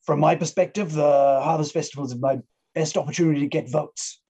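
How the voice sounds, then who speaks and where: A scheming elderly halfling mayor, put on by a man, speaks in a mellow, slightly raised voice. He is fussy and self-serving, and he frets about his votes. He is a character in a tabletop role-playing game. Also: on the high side, a little fast, husky. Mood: pompous.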